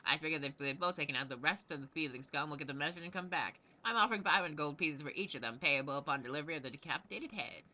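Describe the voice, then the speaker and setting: A man's voice: a little high, racing, few pauses, bright, forceful tone, pitched above the performer's own voice. A man reading the lines of a boastful, impatient gnome knight commander with a brash manner.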